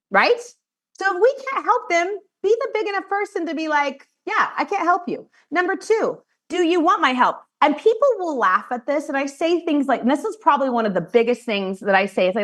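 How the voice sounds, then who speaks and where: A woman and financial advisor teaching colleagues how she runs client meetings, talking directly and acting out what she says to clients. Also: sits high. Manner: animated, direct, acts out client conversations. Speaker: financial advisor training peers. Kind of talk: training talk to colleagues.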